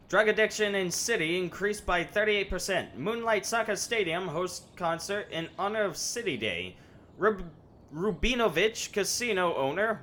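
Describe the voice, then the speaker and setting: Faint game music and slight background noise sit behind this young streamer's high, bright, forceful voice, which has lively intonation at a normal speed. He casually comments on his play, joking and rambling to himself.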